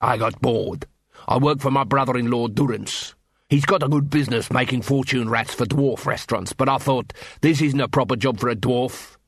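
A man's voice: mid-range voice, fairly bright tone, husky, no echo, clean studio sound. A man voicing a curious male dwarf who thinks things through aloud, read as an audiobook character. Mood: reasoning. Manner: quick-thinking, explaining, reasoning aloud.

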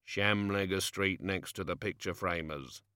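Gruff, muttering doorman, put on by a male reader. Low and dry, rule-quoting. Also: a little slow, bright, forceful tone, dry recording. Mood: grumbling. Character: grumpy working-class male bar doorman.

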